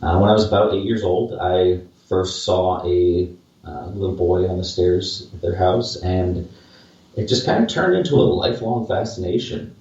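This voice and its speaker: A low-voiced man in his late twenties chats loosely on a podcast, circling back on himself with plenty of fillers and self-mocking asides. He sits well back from the mic in a very echoey room. The sound is dull and muffled. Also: moderate pace, darkish tone, far from the mic. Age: late 20s. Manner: rambling and self-deprecating, with many fillers and restarts. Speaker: podcast co-host, paranormal investigator. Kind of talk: casual podcast chat.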